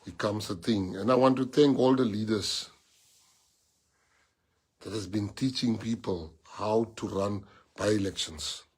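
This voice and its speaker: A man's voice: lowish voice, a little slow, long pauses, darkish tone, breathy edge. A man with a South African accent addressing his party's members, rallying them with emphatic repetition and bits of Afrikaans. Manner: emphatic, repeats phrases, mixes in Afrikaans. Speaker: party leader.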